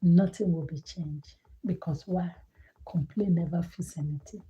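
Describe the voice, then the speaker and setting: Woman, motivational monologue, warm mellow tone, earnest and emphatic, repeats her points. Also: on the low side, measured pace, highs cut off. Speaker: motivational speaker.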